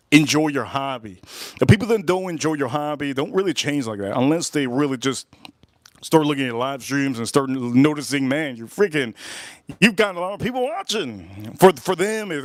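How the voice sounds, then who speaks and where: Chatty man with a slightly high voice. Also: dry recording, studio quality. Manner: repeats phrases and retells dialogue with "he goes, I go"; chatty and loose, with restarts and self-corrections. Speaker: livestream host. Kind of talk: casual storytelling on a livestream.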